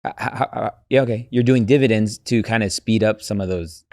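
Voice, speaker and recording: A man's voice: lowish voice, brisk, dark tone, dry recording, clean studio sound. A man hosting a podcast interview, curious and informal, asking follow-up questions. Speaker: podcast host. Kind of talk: casual interview chat.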